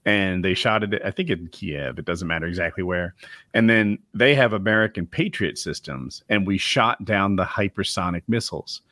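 A man's voice: low voice, normal speed, pushed and bright, no room sound, clean studio sound. A man on a casual chat podcast, laying out his opinions with emphatic asides. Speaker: podcast co-host.

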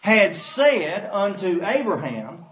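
High-voiced man preaching in a roomy hall. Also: big pitch swings, a bit bright. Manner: emphatic, reading scripture aloud with slow stressed words. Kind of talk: sermon. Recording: roomy, dull, faint hiss.

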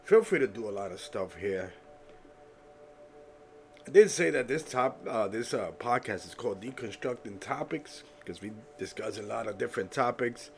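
A man's voice: fairly low pitch, expressive, normal speed, faint music behind. A man hosting his own podcast, talking in a loose, joking way with sudden whoops, a bit stuffy-nosed. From United States. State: stuffy nose. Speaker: podcast host. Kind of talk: solo podcast talk.

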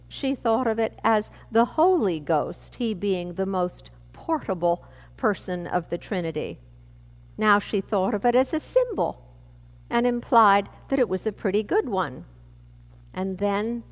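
Slow, measured woman preaching in a hall. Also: on the low side. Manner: measured, reflective delivery with slow pauses. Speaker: pastor. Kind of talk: sermon.

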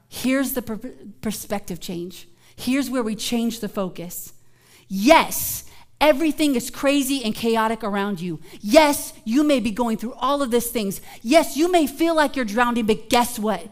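A woman pastor preaching a sermon in a casual, conversational way, building from hushed moments to emphatic shouts. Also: a little high, lively intonation, unhurried.

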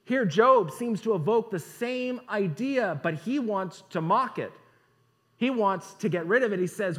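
A man's voice: high-pitched, animated, measured pace, a bit bright. A man preaching a sermon, asking rhetorical questions and reading scripture aloud.

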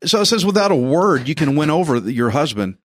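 A man's voice: fairly high pitch, sing-song, quick pace, no echo. A man in casual Bible discussion, blunt and folksy.

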